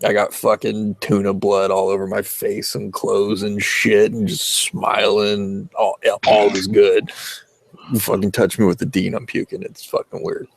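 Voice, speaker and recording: Low, gravelly, swearing Californian man. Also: level tone, a little slow. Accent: Southern Californian. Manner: profane, rambling, laid-back. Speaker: vlogger telling a story. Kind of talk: casual storytelling chat.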